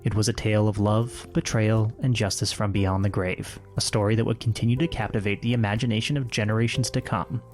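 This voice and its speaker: Relaxed joking male podcast host. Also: lowish voice, fairly quick, few pauses, soft background music. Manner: relaxed, jokey, tells a story from notes. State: tipsy from bourbon. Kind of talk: casual chat mixed with read narration.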